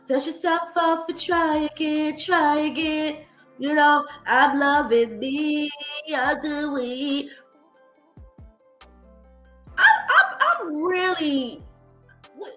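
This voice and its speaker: Woman, high voice, bright tone, blunt profane commentary, echoey room with faint music. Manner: blunt, animated, profane, mocking impressions. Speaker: streamer commentator. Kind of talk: reaction commentary.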